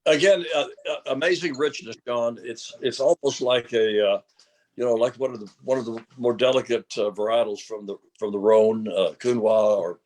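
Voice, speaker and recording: Hoarse older man, slow and hesitant. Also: medium pitch, steady tone, darkish tone. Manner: slow, hesitant, with frequent filler sounds. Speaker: winery founder.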